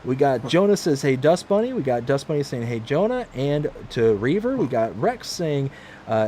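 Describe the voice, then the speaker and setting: A man's voice: mid-range voice, very animated, measured pace, dark tone, slight background noise. A man hosting a casual gaming livestream from home, reading viewer comments aloud in a friendly, upbeat way. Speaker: livestream host. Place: home room, mostly packed up.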